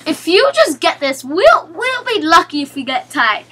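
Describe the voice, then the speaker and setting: A woman's voice: very high-pitched, big pitch swings, a little slow, few pauses, very noisy. A young woman commentating her own gameplay, pleading with and scolding her teammates in exasperation. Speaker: gaming video creator.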